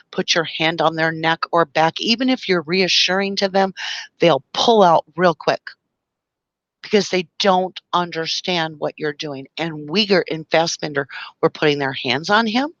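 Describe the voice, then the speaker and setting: A woman's voice: on the low side, a bit bright, dry recording, lo-fi sound. A woman hosting a live stream, speaking with passion and emotion, reading viewer comments and explaining through long analogies. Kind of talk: impassioned live-stream talk.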